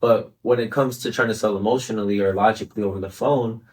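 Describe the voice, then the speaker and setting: A man's voice: lowish voice, fairly even intonation, quick pace, distant mic. A man in his twenties, a podcast interview guest, talking earnestly in a casual way and often checking in with "right?" and "you know". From Chicago area, United States. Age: 20s.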